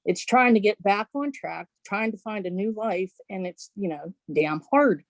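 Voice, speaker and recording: A grieving woman speaks on a video call, halting and searching for words, in a mid-range voice. Her sound is dry and close, with little room around it. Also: mid-range voice, no room sound. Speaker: grieving parent on a support call.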